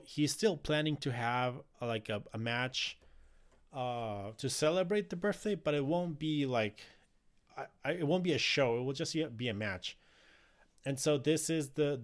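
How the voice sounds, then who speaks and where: A wrestling podcast host, male, with a medium-pitched voice at a normal pace, casually recaps a wrestling show. He rambles, restarts often, leans on fillers, and laughs easily.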